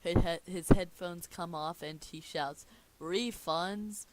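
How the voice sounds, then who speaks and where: A man's voice: a little high, little pitch movement, a little slow, darkish tone. A young man reading a cartoon movie script aloud for laughs, often stumbling, restarting and commenting on the text. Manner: stumbling, amused, self-interrupting. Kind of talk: comedic script read-through.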